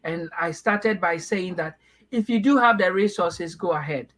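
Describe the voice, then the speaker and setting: A middle-aged Ghanaian man from Ghana, giving earnest, measured interview answers with frequent restarts. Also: high-pitched, a bit bright, low-quality recording. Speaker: party aspirant guest.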